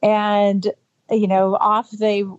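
A woman is interviewed about something from her childhood and tells it in halting bursts, full of restarts and fillers. She brings the scene to life by acting out the voices of the people involved. The recording is dull and lo-fi. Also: medium pitch, clear, resonant tone. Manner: lively, acting out voices in quotes. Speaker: interview guest. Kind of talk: recounting a childhood memory. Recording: dull lo-fi audio.

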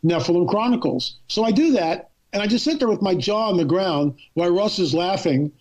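A woman guest telling a long personal story in a casual, animated way, acting out what other people said to her. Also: medium pitch, a little fast. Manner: animated, acts out both sides of a remembered phone call. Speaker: podcast guest.

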